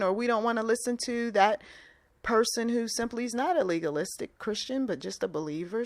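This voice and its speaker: A woman's voice: medium pitch, no room sound. A woman giving a casual spoken sermon with a conversational, plainspoken manner who repeats phrases for emphasis. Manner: conversational, acts out bits of dialogue. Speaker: faith-based speaker.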